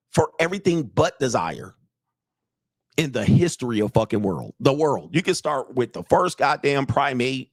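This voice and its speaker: In a casual live monologue, a dating and relationship coach speaks bluntly and profanely, repeating points and pressing his audience to agree or push back. His voice is mid-range, and the recording is dry with clean studio quality.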